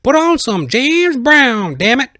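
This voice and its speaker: A man voicing a goofy, excitable white guy who loves country music, hollering in a hammy parody. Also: extremely high pitch, slow, dry recording, clean studio sound, voice pushed up, heavily acted. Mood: goofy excitement.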